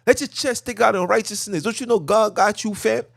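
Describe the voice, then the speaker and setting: Agitated high-voiced man ranting in a car. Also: a little fast, gravelly, a bit bright, no echo, clean studio sound. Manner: fervent, preachy, repetitive. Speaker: podcast host. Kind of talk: impassioned rant.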